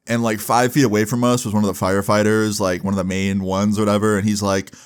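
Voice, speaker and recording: A man's voice: lowish voice, level tone, fast talker, few pauses, clear, resonant tone. A young man telling a personal story in a casual, profane style, full of fillers. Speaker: vlogger. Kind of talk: storytime vlog.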